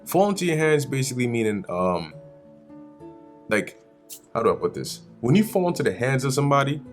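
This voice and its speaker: A man's voice: mid-range voice, brisk, soft background music. A man giving a casual, slangy Bible study commentary, often acting out the characters. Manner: animated, slangy, acts out characters. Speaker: Bible teacher.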